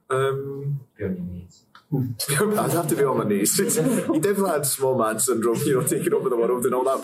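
There's a little hiss or hum and faint ambience from the distant mic as a young Scot, an actor, fields interview questions about acting. His mid-range voice carries chatty, rambling answers peppered with laughter.

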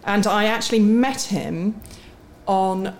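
A woman's voice: medium pitch, takes it slowly. A middle-aged woman guest on a podcast, a chief executive, chatting frankly and mocking herself with easy laughter. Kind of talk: casual podcast interview.

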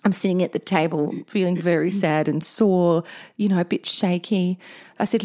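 A woman's voice: on the low side, normal speed, hardly any pauses. A woman in her thirties co-hosting a casual chat podcast, telling a story with lots of laughter and acted-out quotes. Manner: animated storyteller, acts out quotes, laughs often. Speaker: podcast co-host.

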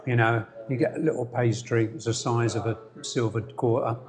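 A man's voice: mid-range voice, moderate pace. A man from North London with a London accent, co-hosting a casual podcast from a coffee shop and telling jokey stories. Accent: London English. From North London, England. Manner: wry, joking storyteller. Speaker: podcast co-host. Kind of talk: casual chat.

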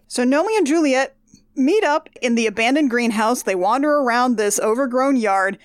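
A woman co-hosting a casual movie recap, wry and quick to laugh. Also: fairly high pitch, lively intonation, no room sound, clean studio sound. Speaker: podcast co-host.

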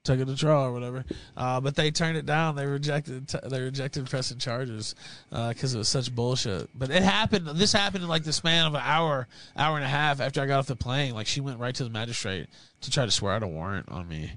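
A man's voice: medium pitch, fairly quick, a bit bright, no room sound, low-quality recording. A young man telling a blunt, profane story in casual podcast chat.

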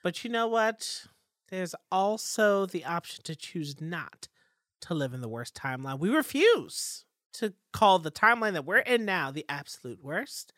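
A woman's voice: on the low side, very animated, a little slow, fairly bright tone, no room sound, clean studio sound. A woman co-hosting a casual fan podcast, playful and rambling, with fanciful turns of phrase. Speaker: podcast co-host.

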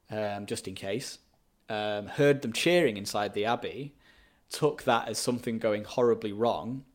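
A man, casually co-hosting a history podcast and telling the story with lots of ums and playful asides. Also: lowish voice. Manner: chatty storyteller, many ums, acts out quoted figures. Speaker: podcast co-host.

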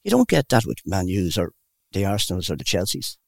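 Brief: older male interviewee, fast and gravelly, dry close sound, anecdotal rambler. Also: low voice, wildly swooping pitch, no echo. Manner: rambling, warm anecdotal storyteller. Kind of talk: casual storytelling.

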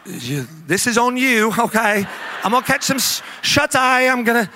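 A man's voice: extremely high pitch, very animated, moderate pace, noisy background, voice pushed up, heavily acted. A man quoting his wife in an offhand, dismissive voice as she nods off. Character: sleepy wife brushing him off.

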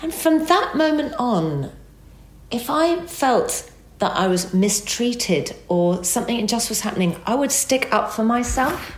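A woman telling an emotional personal story as a guest, animated and acting out the dialogue. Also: on the high side, a little slow, roomy sound, slight background noise.

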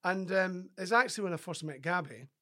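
A man's voice: high voice, lively intonation, brisk, pushed and bright. A man from Scotland, a former rugby player and podcast guest, chatting casually and telling stories. He acts out other people's lines and often restarts his sentences. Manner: frequent restarts and filler words. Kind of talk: casual interview storytelling.

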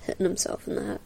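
Slow, gravelly woman chatting over a film. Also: medium pitch, dark tone. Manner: chatty and meandering, with frequent fillers and laughs. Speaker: podcast host doing a film commentary. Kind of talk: casual film commentary. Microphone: new podcast mic.

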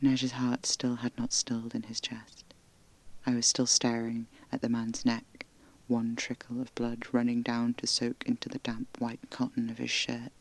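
A man narrating a first-person horror audio drama in a hushed, intimate way, often slipping into breathy whispers. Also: medium pitch, completely flat delivery, a little slow.

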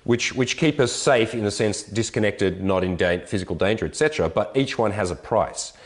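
A man casually telling an animated, profane travel story in conversation. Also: lowish voice, fairly quick. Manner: animated storyteller, swearing, voices others.

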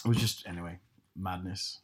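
A man's voice: low-pitched, steady tone, brisk. A man chatting casually, telling rambling stories and correcting himself as he goes. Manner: rambling, self-correcting anecdotes. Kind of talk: casual chat.

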